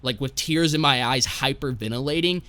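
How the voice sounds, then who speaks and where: A man's voice: mid-range voice, normal speed, pushed and bright, clear, resonant tone, no room sound. A young man, a podcast guest, telling a casual story in a rambling, profane way and tagging his lines with "right?".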